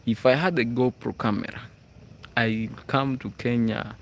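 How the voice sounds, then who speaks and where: This is casual live chat from a Ugandan man with a Ugandan English accent, his voice medium in pitch and unhurried. As host of the livestream, he reads viewers' comments aloud and often tosses in a "hmm?" The setting is school grounds outdoors after dark.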